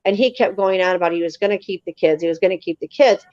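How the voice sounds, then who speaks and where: A woman's voice: lowish voice, fast talker, dry recording, muffled recording. A woman, a guest on a live show, telling her story casually and emphatically, acting out the voices of the people in it. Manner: animated, emphatic, acts out quoted voices.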